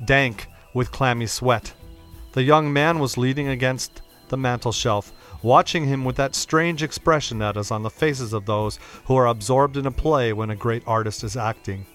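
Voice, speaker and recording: A man reading a classic novel aloud as narrator, in a steady, measured, dramatic way. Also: medium pitch, faint music behind. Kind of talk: audiobook reading of classic fiction.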